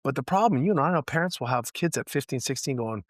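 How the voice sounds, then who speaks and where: A man's voice: medium pitch, lively intonation, quick pace, dry recording. Earnest middle-aged man, dry close sound. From Canada. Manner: earnest, emphatic, repeats words while thinking. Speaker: guest, high school football coach. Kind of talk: podcast interview, casual storytelling.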